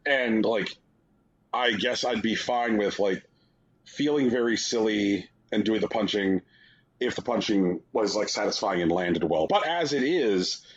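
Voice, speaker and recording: Low husky man, wry rambling chat. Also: lively intonation, unhurried, dull audio. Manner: rambling, wry, heavy use of "like". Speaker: podcast co-host. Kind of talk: casual game review chat.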